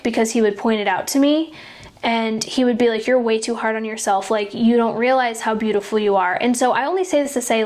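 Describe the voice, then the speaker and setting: A young woman in her twenties speaks with a slightly high voice. She tells a personal faith story as a podcast host, chatty and earnest, with 'like' in nearly every phrase. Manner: chatty, filler-heavy, frequent 'like'; earnest and heartfelt. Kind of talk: casual faith-based storytelling.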